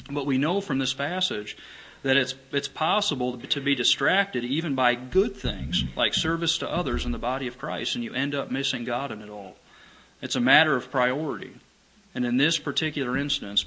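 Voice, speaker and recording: A man preaching a sermon in an earnest way, asking rhetorical questions and stressing words gently. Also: medium pitch, poor audio. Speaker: pastor.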